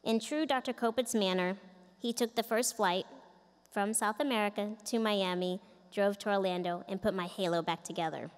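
A middle-aged woman speaks earnestly from a podium at a commencement ceremony. Her voice sits in an ordinary middle pitch. She tells her story through a microphone in a large indoor events arena, with a long reverb trailing each phrase. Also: normal speed. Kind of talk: commencement speech. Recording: echoey arena from a distance.

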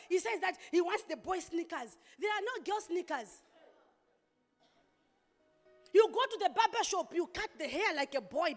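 Lady pastor preaching hard, real high voice, big echoey church hall. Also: expressive, brisk. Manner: impassioned preaching with sudden loud outbursts. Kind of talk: sermon. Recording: long hall reverb.

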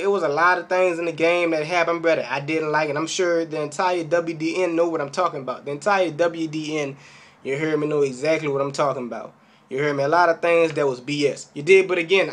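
A young man ranting to the camera as a football fan, keeps checking in with his listeners as he talks. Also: fairly high pitch. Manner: animated, keeps asking "you hear me?". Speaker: sports fan vlogger. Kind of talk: casual fan rant to camera.

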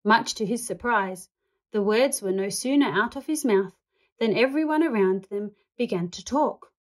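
A woman reading a children's picture book aloud, with calm, clear storytelling. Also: mid-range voice, moderate pace. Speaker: read-aloud host.

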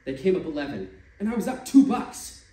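A man reading stories aloud at a live stage event, expressive and shifting voices for the figures. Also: high voice, fairly quick. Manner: expressive, changes voice for quoted figures. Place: stage venue. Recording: echoey room from a distance, faint noise.

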